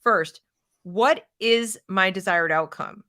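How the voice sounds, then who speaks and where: Female host, bright forceful voice, emphatic and animated in conversation. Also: medium pitch, slow. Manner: emphatic, animated, mocks opponents in a put-on voice. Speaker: podcast host. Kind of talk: conversational interview.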